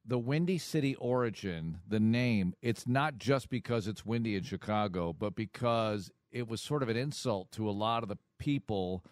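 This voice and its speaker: A man's voice: lowish voice, animated, normal speed, hardly any pauses, dry recording. Easygoing sports radio co-host, man. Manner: easygoing, storytelling, dry humor. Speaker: co-host, team broadcaster. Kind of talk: casual sports radio chat.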